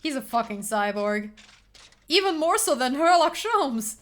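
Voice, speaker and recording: A young woman playing a game with friends, chatting casually in a giggly, excitable way. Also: sits high, unhurried. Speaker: player. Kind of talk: casual let's-play chat.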